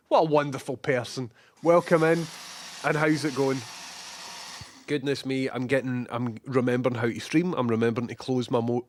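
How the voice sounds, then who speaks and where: A young Scottish man with a slightly hoarse voice from a cold, casually chatting as a live streamer and greeting viewers by name. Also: medium pitch, no room sound.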